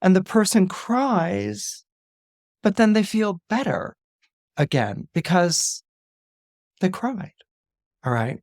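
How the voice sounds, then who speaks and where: A man, a guest astrologer on a podcast, retelling a film in casual, animated storytelling with laughs and restarts. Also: sits high, takes it slowly, gravelly, long pauses, no echo, clean studio sound.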